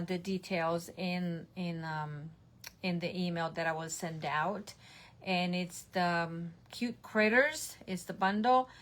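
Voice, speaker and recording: A woman who demonstrates stamping online casually recaps her card projects to the camera from her home craft room, showing the cards as she chats. Her voice is medium-pitched and fairly bright, and she says "um" and corrects herself often.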